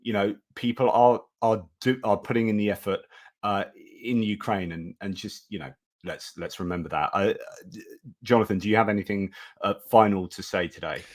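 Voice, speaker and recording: A man's voice: fairly low pitch, normal speed. A British man hosting a casual live chat, talking in a rambling, chatty way and thanking his viewers. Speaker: host of a live chat stream.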